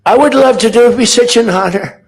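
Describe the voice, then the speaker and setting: A man's voice: very high-pitched, fast talker, vocal fry, pitched above the performer's own voice. A man putting on a French accent to play a fawning middle-aged male president who begs to please. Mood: pleading. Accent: put-on French. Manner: pleading, begging, overly eager.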